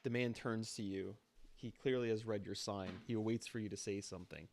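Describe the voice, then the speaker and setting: A man's voice: lowish voice, steady tone, moderate pace, vocal fry, a little mellow, slight background noise. A man running a tabletop role-play as game master, narrating in a laid-back, matter-of-fact way.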